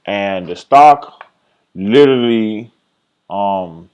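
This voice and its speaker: A young man recapping his day trades in a casual screen-share vlog, rambling, swearing and blaming himself, and voicing his own past thoughts in an excited, higher voice. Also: very slow, smooth. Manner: rambling, self-critical, swears freely, trails off and restarts.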